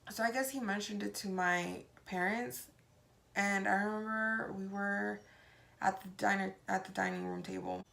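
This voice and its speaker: A woman's voice: medium pitch, fairly even intonation, normal speed, creaky, a bit bright. A young adult woman vlogger casually telling a personal story, retelling past conversations with frequent "like" and "I was like". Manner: retells events with reported dialogue, many "like" fillers.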